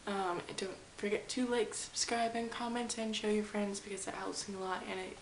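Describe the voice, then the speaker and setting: A woman's voice: medium pitch, flat delivery, normal speed. A young woman from Canada talking to camera from her game room, rambling and self-deprecating, often dropping into a whisper. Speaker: vlogger. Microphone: camera mic. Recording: echoey room with faint hiss.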